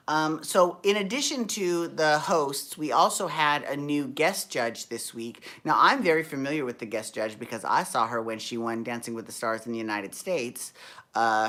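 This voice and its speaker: A woman with a deep, low voice chats through a TV show recap. Her delivery is sassy and campy, full of gossipy slang. She rambles and corrects herself as she goes. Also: a bit bright. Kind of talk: casual TV recap chat.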